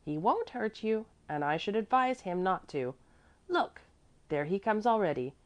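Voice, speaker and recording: Earnest, fretful old housekeeper type, emphatic, with lively pitch swings, read by a woman. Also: unhurried, natural voice. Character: fussy, devoted older woman servant.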